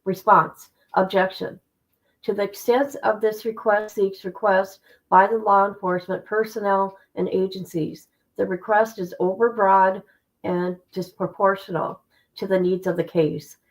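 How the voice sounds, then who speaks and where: A woman's voice: mid-range voice, steady tone, a little slow, poor audio. A woman hosting a casual livestream, greeting her chat and reading legal documents aloud with offhand asides. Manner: chatty, reads legal text aloud with asides. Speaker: livestream host.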